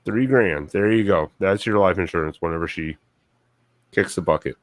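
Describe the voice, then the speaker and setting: A man co-hosting a casual livestream chat, blunt and profane, talking in quick bursts. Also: low voice, dry recording. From United States. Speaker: co-host.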